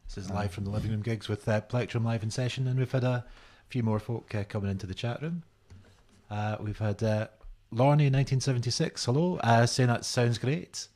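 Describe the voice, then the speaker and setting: A man hosting a live music stream from his home studio, talking hesitantly with many pauses. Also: mid-range voice, steady tone, a little mellow.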